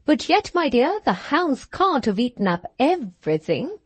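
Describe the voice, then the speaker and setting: A woman voicing a stern old countess from a period audiobook, imperious and disapproving as she lectures. The voice sits a little high and moves slowly and deliberately. It is recorded dry and close. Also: sing-song, breathy edge, dry recording, full character voice. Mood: lecturing. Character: haughty, stern aristocratic countess, older woman.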